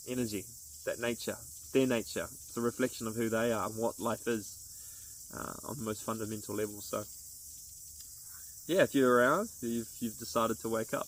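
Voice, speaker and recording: A man's voice: on the low side, slight background noise, rough recording. A man talking to camera as a vlogger in an earnest, rambling, upbeat way, with restarts. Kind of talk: casual motivational monologue to camera.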